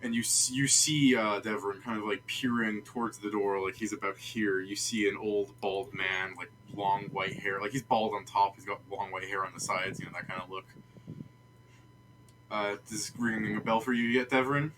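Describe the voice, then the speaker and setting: Man, game master, casual, bright tone, faint noise. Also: fairly low pitch, fairly even intonation, normal speed. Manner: loose, chatty, laughs often. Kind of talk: narrating a tabletop game.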